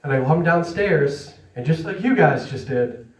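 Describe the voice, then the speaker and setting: A man with a fairly high, animated voice works a comedy club crowd at a measured pace, mocking himself, laughing through his material and repeatedly checking in with listeners in a chatty manner. The microphone is distant, so the sound is roomy.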